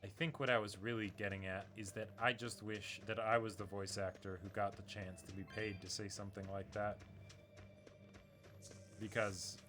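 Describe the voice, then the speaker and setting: A man giving rambling, excitable commentary while streaming a video game. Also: lowish voice, normal speed. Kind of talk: casual gameplay commentary. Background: faint game music.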